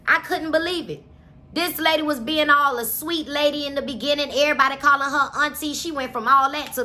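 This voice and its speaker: A woman's voice: sits high, normal speed, pushed and bright. A woman giving a casual, chatty recap of a novel, with lots of cussing and asides to her viewers. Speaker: book reviewer.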